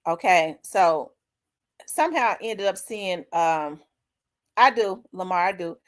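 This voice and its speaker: A middle-aged woman, hosting her own show and candidly telling a personal story, acting out the dialogue with big swings in her voice. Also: measured pace. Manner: animated, acts out quoted dialogue with big pitch jumps. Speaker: host.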